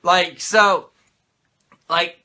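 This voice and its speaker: A man's voice: sits high, fairly even intonation, very slow, sharp tone. A male host giving a comedic, profane and sarcastic wrestling recap.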